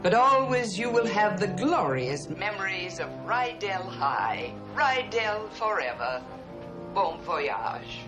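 An actress playing a prim middle-aged school principal, making a formal address to graduating students in a film scene. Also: female voice, medium pitch, sing-song, slow pace. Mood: grandly formal. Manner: formal, ceremonious announcement. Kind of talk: 1980s film acting. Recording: film soundtrack with music behind. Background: music.

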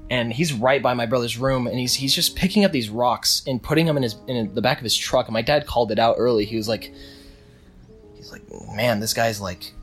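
A man's voice: medium pitch, a little fast, fairly bright tone, breathy edge, faint music behind. A young man casually telling a long story with many restarts, acting out what people said. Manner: rambling with restarts, acts out quotes.

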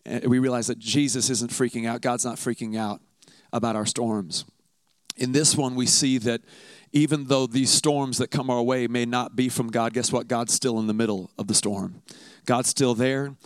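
Smooth-voiced male preacher, dry sound. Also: medium pitch, dry recording. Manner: conversational, emphatic, repeats words for effect. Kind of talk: sermon.

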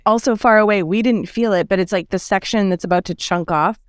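A woman's voice: mid-range voice, fairly quick, no echo. Woman, blunt and chatty, dry close mic. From Boston. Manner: blunt, chatty, swears freely. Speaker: podcast guest. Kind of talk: casual chat.

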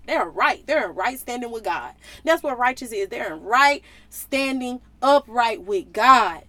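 A woman's voice: a little high, normal speed, hardly any pauses, dry recording. A woman giving a casual Bible teaching, talking straight to her viewers. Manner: animated, talks to viewers directly.

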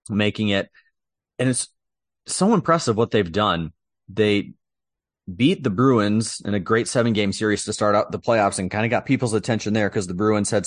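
Low-pitched guy talking sports on a podcast, opinionated, dry close sound. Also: dry recording. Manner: chatty, opinionated, laughs easily. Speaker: podcast co-host. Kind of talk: casual sports chat.

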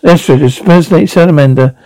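A man reading a script aloud with stage directions, in a flat, stumbling way. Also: fairly high pitch, brisk, no echo, low-quality recording. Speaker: reader.

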